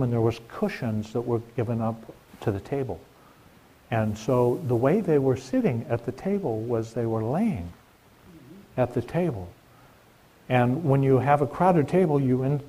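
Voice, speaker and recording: A man's voice: medium pitch, dark tone. A middle-aged man preaching a sermon in a conversational way, asking the congregation questions.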